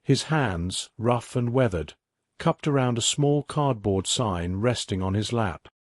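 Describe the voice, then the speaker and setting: A male narrator reading a scripted story at a mid pitch, steady and even in his delivery. The sound is dry and close, with no trace of room echo. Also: measured pace.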